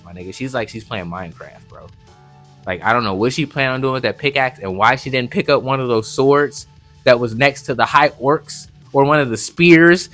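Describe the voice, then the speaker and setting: A male anime reviewer in the middle of a loose, joking episode recap, heavy on slang and sound effects. His voice sits at a middle pitch, with faint music behind it. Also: bright, forceful tone. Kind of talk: casual recap commentary.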